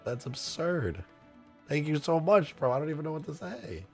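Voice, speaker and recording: A young man live-streaming as a game modder, thanking viewers for tips, excitable and swearing, straining a tired voice. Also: a little high, normal speed, soft background music. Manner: excitable, swearing, laughing between lines.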